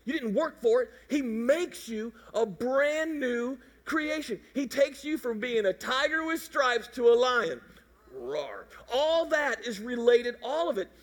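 A middle-aged pastor from Mississippi, preaching in an animated, jokey way and acting out voices. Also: male voice, very high voice, a little slow, few pauses, in a large hall. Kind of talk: sermon.

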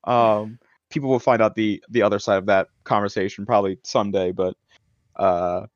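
A man hosting a gaming podcast in casual chat, relaxed and joking. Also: on the low side, normal speed, dry recording, muffled recording. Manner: relaxed, joking, laughs often. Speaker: podcast host.

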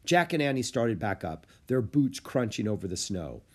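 Expressive man reading a children's book. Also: on the low side, moderate pace. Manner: expressive, storytelling. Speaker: audiobook narrator. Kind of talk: children's book read aloud.

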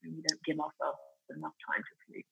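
A woman's voice: low-pitched, level tone, fairly quick, gravelly, a bit bright, lo-fi sound. A middle-aged woman with an Italian accent, talking enthusiastically as a podcast guest, with lots of fillers and restarts. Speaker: guest, food company founder. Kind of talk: casual podcast interview.

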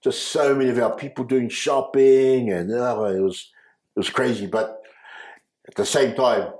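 A man's voice: on the low side, darkish tone. Older New man telling his story. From New Zealand. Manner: halting, many restarts, chuckling often. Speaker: interview guest. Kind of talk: personal storytelling. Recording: echoey room.

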